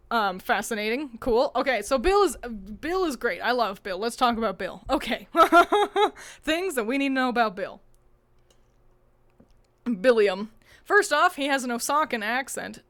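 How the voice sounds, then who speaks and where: A woman co-hosting a casual chat, rambling in a playful way, swearing now and then and breaking into quick laughs. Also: fairly high pitch, a bit bright. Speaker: podcast co-host.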